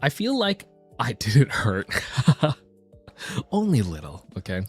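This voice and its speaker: A man streaming as a VTuber, talking in a casual, rambling and animated way. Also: mid-range voice, slow, breathy edge, faint music behind. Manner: animated, rambling, self-deprecating.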